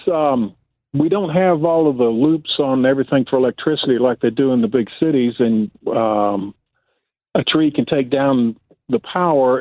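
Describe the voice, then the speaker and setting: A man calling in from a rural cabin, speaking slowly and hesitantly with many pauses. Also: mid-range voice, dry recording. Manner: slow, hesitant, lots of uhs. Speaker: caller. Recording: tinny dry phone line.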